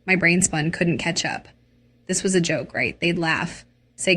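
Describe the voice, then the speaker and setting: A woman tells a dramatic, emotional first-person story slowly and deliberately. Her voice sits on the lower side. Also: a bit bright, slightly rough. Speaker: narrator.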